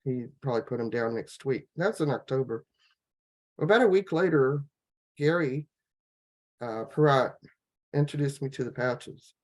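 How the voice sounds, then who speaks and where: A woman on a laptop video call, telling her personal health story in a rambling, halting way, full of fillers and restarts. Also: rumbling low, lively intonation, darkish tone. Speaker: guest sharing a health testimonial. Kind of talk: casual personal testimony.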